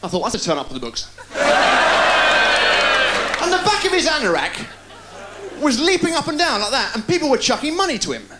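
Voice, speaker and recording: A man does stand-up on a 1990s TV broadcast, rattling off deadpan pun after pun. His voice sits very high and swoops all over, while a packed audience roars with laughter behind a noisy signal. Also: over a noisy crowd. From England. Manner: rapid-fire deadpan puns with quick delivery. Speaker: stand-up comedian. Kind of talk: stand-up one-liners. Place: live TV studio with a laughing audience.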